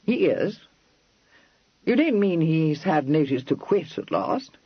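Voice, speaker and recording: A man voicing an amiable young Regency gentleman in an audiobook, drawling in clipped, slangy phrases with unhurried patience. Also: on the high side, sing-song, husky, no room sound, dull audio, pitched above the performer's own voice, exaggerated voice. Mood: genial.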